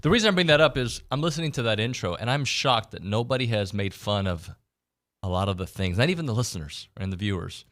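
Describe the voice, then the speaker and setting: A man's voice: lowish voice, lively intonation, quick pace, a bit bright. A man hosting a sports radio show in a studio, chatting casually and self-deprecatingly with plenty of restarts. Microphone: studio microphone.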